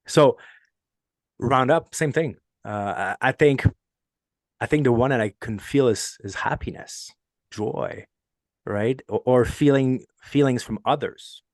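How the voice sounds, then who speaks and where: A man's voice: mid-range voice, slow pace, no echo, studio quality. A man with a French Canadian accent hosting a casual podcast chat, earnest and rambling, laughing often as he tells stories. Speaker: podcast host.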